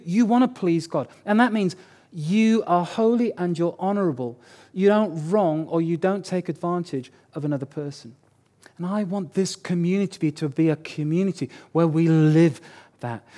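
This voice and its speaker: A man with a fairly high voice preaches to his church in a relaxed, talky way. He slips in jokes and leans on repeated words to drive his points home. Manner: conversational and joking, repeats key words for emphasis. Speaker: pastor. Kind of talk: sermon.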